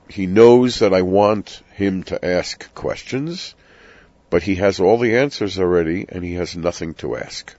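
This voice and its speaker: A man's voice: sits low, a little slow, dry recording. An older man teaching about the Passover Seder, telling family stories with dry self-deprecating humor. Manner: warm storytelling with dry self-deprecating asides. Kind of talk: reflective spoken teaching. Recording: dull lo-fi sound.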